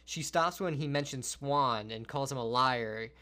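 A man's voice: mid-range voice, unhurried, pushed and bright. Enthusiastic male podcast co-host. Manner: enthusiastic plot recap. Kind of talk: casual movie-review chat.

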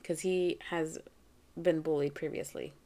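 A woman in her thirties hosting her own podcast, telling a story in a chatty, animated way with frequent laughs. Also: deep voice, a little slow. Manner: chatty, animated, often laughing, acts out quoted voices. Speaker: podcast host and mother. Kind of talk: casual storytelling monologue.

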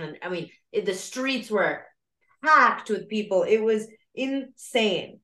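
A woman's voice: medium pitch, animated, normal speed, a bit bright, roomy sound. A woman co-hosting a podcast, chatting in a gushing, giggly way. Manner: giggly, gushing, breaks into impressions. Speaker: podcast co-host. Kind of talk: casual chat.

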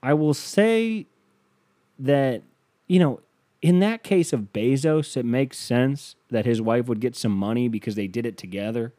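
A man's voice: medium pitch, measured pace, mellow, dry recording. A man hosting a casual solo podcast, ranting and joking with lots of swearing, his voice jumping up when he gets worked up. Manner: profane, riffing, self-amused, voice jumping up when worked up. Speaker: podcast host.

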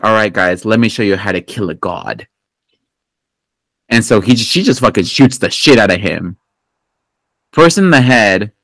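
Male podcast host, mid-pitched, rambling and profane, dry close sound. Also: a bit bright, no echo, rough recording. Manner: rambling, profane, full of fillers and restarts. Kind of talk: casual movie recap chat.

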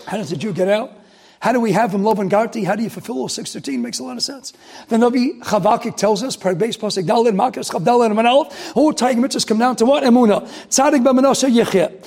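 A man, a rabbi, giving a sermon, swinging from loud outrage to hushed emphasis. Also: very high-pitched, creaky, breathy edge.

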